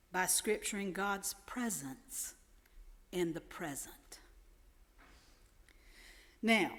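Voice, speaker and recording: Slow-preaching woman in a reverberant church. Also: medium pitch. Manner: measured preaching with rising emphasis on quotes. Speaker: pastor. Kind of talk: sermon. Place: large church sanctuary.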